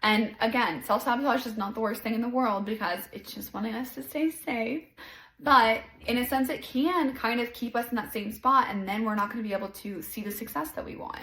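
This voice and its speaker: Woman doing a self-help podcast, kinda high voice, gentle and chatty, roomy echo. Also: a little fast. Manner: gentle, encouraging, says "like" often. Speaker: podcast host. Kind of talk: casual self-help talk.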